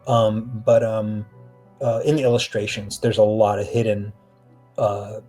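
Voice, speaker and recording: A man talking as a guest on an interview podcast, an animated storyteller who slips into acted-out quotes. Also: on the low side, a little slow, faint music behind. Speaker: author and actor, podcast guest. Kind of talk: casual interview talk.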